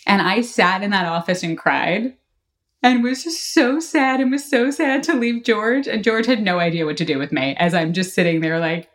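A middle-aged woman guest on a casual podcast interview, telling lively stories and acting out quotes. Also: mid-range voice, normal speed. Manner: animated storyteller, laughs often, acts out quotes. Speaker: marketing executive guest.

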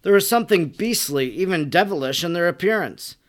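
Solemn, higher-voiced male narrator. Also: expressive. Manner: solemn, measured reading. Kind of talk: audiobook reading of a religious text.

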